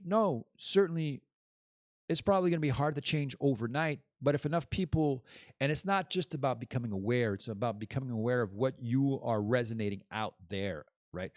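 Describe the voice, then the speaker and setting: A man's voice: mid-range voice, a little mellow, no echo, studio quality. A man hosting his own podcast in a casual, rambling monologue that drifts between topics and laughs at his own jokes. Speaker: podcast host.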